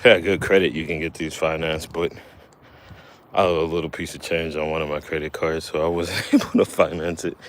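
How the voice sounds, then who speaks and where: Very deep-voiced man rambling on a livestream. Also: fairly even intonation, fairly quick. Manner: rambling, self-correcting, laughs often. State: a little winded. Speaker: livestream host. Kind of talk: casual livestream chat. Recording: faint background noise.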